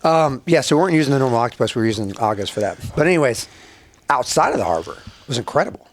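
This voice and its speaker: A man's voice: medium pitch, animated, racing, slight background noise. A young man telling war stories as a podcast guest, swearing freely, laughing often and acting out voices as he goes. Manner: profane, laughing, acts out voices in his stories. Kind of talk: casual storytelling.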